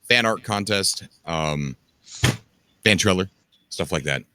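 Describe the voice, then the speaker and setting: A man's voice: deep voice, expressive, takes it slowly, sharp tone, slight background noise. A man hosting a gaming stream, chatting casually and easygoing with callers, often saying "dude" and "man". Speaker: stream host. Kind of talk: casual chat.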